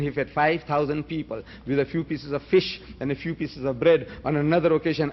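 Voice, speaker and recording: Man, Gujarati speaker, fairly high voice, rhetorical debate speaker on a dull lo-fi recording. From South Africa. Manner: emphatic, rhetorical, challenges the audience with questions. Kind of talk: public debate address.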